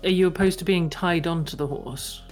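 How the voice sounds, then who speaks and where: A woman's voice: lowish voice, moderate pace, a little mellow, soft background music. A woman playing a tabletop game, chatting cheerfully and playfully in character. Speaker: player.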